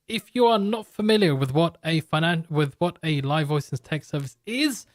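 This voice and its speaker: A man's voice: fairly high pitch, no echo, studio quality. Rambling man hosting a live market stream. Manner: loose, rambling explainer who jokes with chat viewers. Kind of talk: live market commentary and product pitch.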